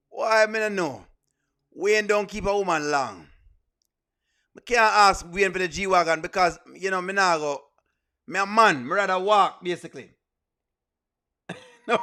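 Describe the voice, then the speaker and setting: High, bright Jamaican man bantering. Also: lively intonation, normal speed, long pauses. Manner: playful, pleading, laughs often, argues with the chat. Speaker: streamer and show host. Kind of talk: live reaction stream, chatting with viewers.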